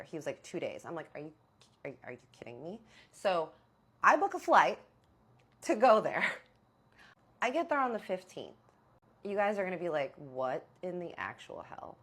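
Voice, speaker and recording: A young adult woman casually telling a personal story to camera, animated and exasperated, acting out the dialogue. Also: sits low. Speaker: vlogger.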